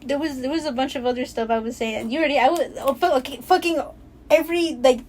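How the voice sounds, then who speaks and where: Excitable young woman with a high voice. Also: quick pace, slight background noise. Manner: excitable, swearing, laughing often. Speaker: podcast host. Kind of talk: casual chat.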